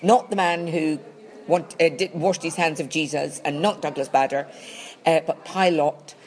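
A woman's voice: low-pitched, steady tone, normal speed, a little mellow. A woman co-hosting a comedy podcast in a dry, teasing, precise manner. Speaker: podcast co-host. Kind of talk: casual comedic chat.

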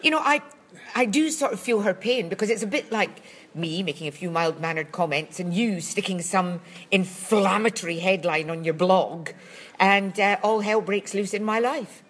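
A Lowland Scottish speaker chatting casually as a podcast co-host, full of wry, teasing quips. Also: moderate pace, fairly bright tone. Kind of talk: casual chat.

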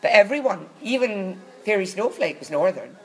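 A woman's voice: medium pitch, animated, moderate pace, rough recording. Wry, bawdy woman telling stage stories. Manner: bawdy, wry storyteller who slips into comic voices. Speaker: guest recounting her acting past. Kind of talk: anecdotal interview chat.

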